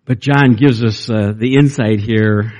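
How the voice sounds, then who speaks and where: A man preaching a sermon in a conversational way, with fillers and restarts, and his pitch rises when he reads or retells. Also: fairly even intonation, measured pace, darkish tone, lo-fi sound.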